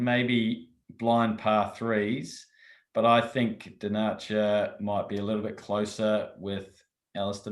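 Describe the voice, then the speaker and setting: Low-ish voice, talks real slow, a golf podcast guy second-guessing himself, echoey room. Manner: hesitant, checks himself mid-answer. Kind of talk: casual podcast chat.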